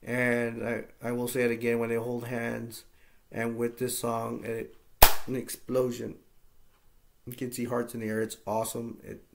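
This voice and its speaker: A man with a gravelly, fry-tinged voice of middling pitch talks through a movie review in a loose, casual way. He rambles and leans on fillers as he retells scenes, and he turns eager when he praises something. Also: monotone, unhurried.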